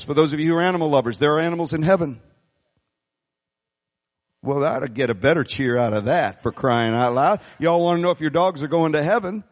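A man preaching a sermon as pastor, animated and calling on the congregation to respond. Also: on the high side, in a large hall. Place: church sanctuary.

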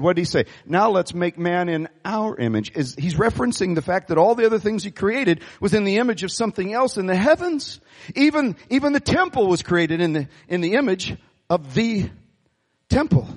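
A man preaching a sermon as pastor, animated and calling on the congregation to respond. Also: high voice, big-room sound. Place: church sanctuary.

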